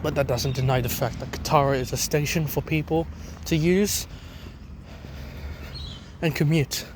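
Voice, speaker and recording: Out on a station platform, a young Australian train vlogger rambles at a measured pace, his slightly high voice staying steady. He sucks on a lozenge as he talks casually while walking, restarting and using fillers, over background noise.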